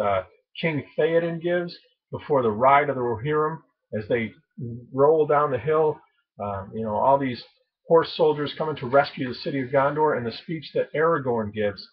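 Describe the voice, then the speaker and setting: A man's voice: mid-range voice, husky, muffled recording. A man vlogging casually about his favorite movies, rambling and enthusiastic with many fillers. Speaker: prepping channel vlogger. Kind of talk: casual movie list chat.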